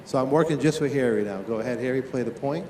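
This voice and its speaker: A man teaching tennis in a live on-court demonstration, talking to his players and to watching coaches with quick, lively questions. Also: medium pitch, echoey room, slight background noise.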